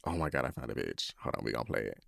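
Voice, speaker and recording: A man hosting a podcast, telling a story in a campy, profane, animated way. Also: rumbling low, racing, creaky, no room sound, studio quality. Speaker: podcast host. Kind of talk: casual chat.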